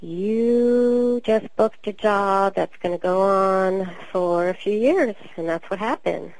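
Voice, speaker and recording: A woman voice actor from Queens with a New York accent, telling stories in a chatty, relaxed interview. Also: mid-range voice, slow, dry recording, poor audio. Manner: chatty, storytelling, relaxed with many fillers. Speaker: voice actor guest. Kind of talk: casual interview talk.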